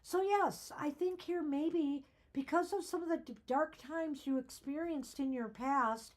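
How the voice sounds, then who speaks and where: High-voiced woman reading tarot, voice fading. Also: a little slow. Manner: earnest, explanatory, reflective asides. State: losing her voice. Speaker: tarot reader and co-host. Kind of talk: tarot reading, reading card meanings aloud.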